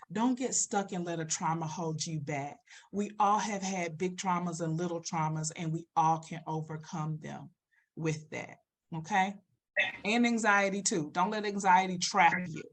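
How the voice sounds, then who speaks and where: A woman therapist co-hosts a live show. Her voice sits on the low side, and she talks bluntly and emphatically, rising and getting louder to make a point. She also answers viewer comments. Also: a little hiss or hum. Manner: emphatic, direct, swings loud and animated. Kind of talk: live-stream chat with viewers.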